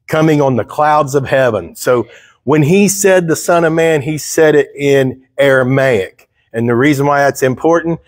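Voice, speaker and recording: A man's voice: mid-range voice, normal speed, no room sound, studio quality. A man preaching a sermon, reading scripture aloud and explaining it in a conversational way, with questions to the congregation. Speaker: pastor. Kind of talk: sermon, Bible teaching. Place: church.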